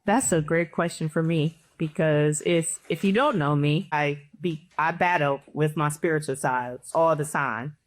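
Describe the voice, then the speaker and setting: Woman panel guest, deep voice, candid and thoughtful. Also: a little slow, few pauses. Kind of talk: casual personal sharing.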